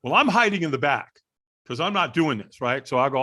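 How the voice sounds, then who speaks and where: A middle-aged man telling a story as a guest on a podcast, animated and acting out the voices of people in the story. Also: a little high, brisk. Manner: animated storyteller, acts out quoted dialogue. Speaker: guest, firewalk instructor.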